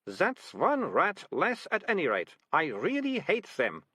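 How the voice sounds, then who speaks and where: A man doing a sharp-tongued, indignant girl. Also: high-pitched, wildly swooping pitch, unhurried, breathy edge, dry recording, studio quality, voice pushed up, exaggerated voice. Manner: indignant and bossy. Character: sharp-tongued girl who hates rats.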